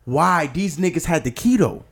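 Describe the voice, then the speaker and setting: A man telling a story in casual chat, profane and lively, acting out the quotes. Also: fairly high pitch, a little fast.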